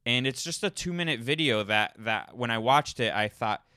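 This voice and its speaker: Male podcast host, casual solo rambling, lots of false starts; bright, tense tone, mid pitch. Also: animated, moderate pace, no room sound, clean studio sound. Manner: rambling, with frequent restarts and repeated words.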